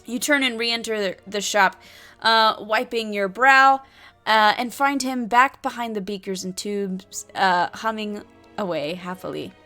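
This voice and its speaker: A woman's voice: mid-range voice, unhurried, sharp tone, faint music behind. Chatty woman narrating a solo game. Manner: chatty asides, many fillers. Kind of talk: reading and playing a solo tabletop adventure.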